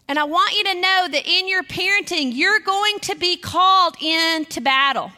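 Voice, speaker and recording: A middle-aged woman preaches a sermon in a high, bright voice. She speaks earnestly, telling stories and reading scripture. The sound carries a long hall reverb from the church sanctuary. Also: normal speed, hardly any pauses. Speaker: guest speaker.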